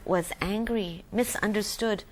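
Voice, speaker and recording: A woman's voice: mid-range voice, measured pace, background noise. A woman from Thailand, an opera singer who explains the story and the voice types in an explanatory, lightly joking way. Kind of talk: interview guest explaining opera.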